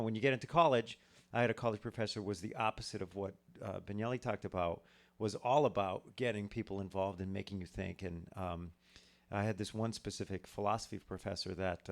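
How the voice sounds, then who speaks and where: A man co-hosting a podcast in casual chat, thoughtfully explaining his ideas at length. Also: lowish voice. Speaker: podcast co-host.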